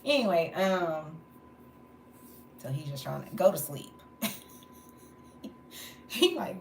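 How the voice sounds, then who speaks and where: Low-voiced woman venting on a livestream. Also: very animated, takes it slowly, long pauses. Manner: candid, venting, laughing between stories. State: tired from no sleep. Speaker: livestream host. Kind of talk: casual livestream monologue. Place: indoors at home, late at night. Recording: roomy echo, faint background noise.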